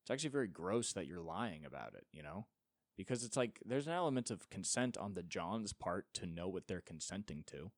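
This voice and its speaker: A man's voice: deep voice, very animated, fairly quick, dry recording, studio quality. A young man hosting a solo podcast, ranting with sarcasm and profanity and mocking others in put-on voices. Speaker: podcast host.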